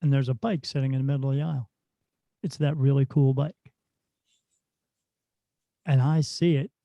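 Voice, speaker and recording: Gravelly middle-aged man telling stories. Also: medium pitch, moderate pace, no room sound. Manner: animated storyteller who acts out dialogue. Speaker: spirit medium guest. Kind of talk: casual storytelling in a podcast interview. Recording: dull, dry lo-fi sound.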